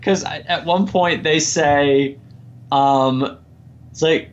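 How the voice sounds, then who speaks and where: A man in casual podcast chat, ranting about films with lots of energy and laughing as he talks. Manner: animated, laughs often, mimics people in a slow low drawl. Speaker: podcast guest. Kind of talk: casual chat, movie rant. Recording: dull lo-fi audio.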